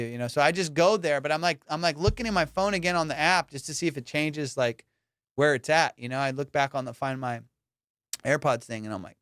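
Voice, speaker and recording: A young man hosting a comedy podcast, telling a story in an animated, slangy way, acting out voices and laughing often. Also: a little high, fairly quick, smooth, dry recording, studio quality.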